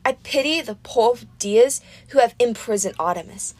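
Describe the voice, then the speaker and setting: A woman's voice: fairly high pitch, lively intonation, moderate pace, no room sound. A woman voicing a vain, gushing goddess of love in an audiobook reading, in a dramatic, doting manner. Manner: breathy, swooning, dramatic and doting.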